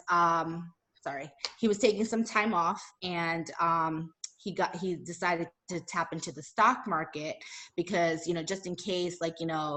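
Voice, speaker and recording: A woman speaking as a guest at a live talk, telling a personal story in a chatty, animated way with lots of fillers. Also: lowish voice.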